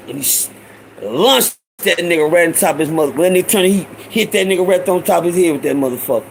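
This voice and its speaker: Gravelly high-voiced man telling stories. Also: brisk, a little hiss or hum, poor audio. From Houston, Texas. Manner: animated, profane street slang, addresses listeners as y'all. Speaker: storyteller host. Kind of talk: casual storytelling monologue.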